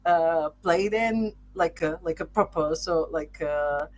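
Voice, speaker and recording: A woman's voice: sits low, slow pace. A woman hosting a podcast, asking casual interview questions with hesitations and searching for words. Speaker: podcast host.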